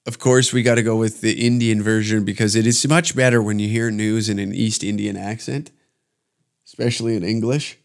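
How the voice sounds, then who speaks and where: A man's voice: fairly low pitch, level tone, brisk, gravelly. A man hosting a podcast, ranting in a rambling, profane, mocking way. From Canada. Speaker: podcast host. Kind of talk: casual podcast rant.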